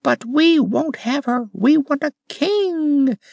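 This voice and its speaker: A chorus of talking roses, soft voices, high and strained, scornful, storybook audiobook. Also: male voice, lively intonation, slow pace, gravelly, no room sound, full character voice. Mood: indignant. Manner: demanding and scornful. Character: chorus of proud rebellious rose subjects.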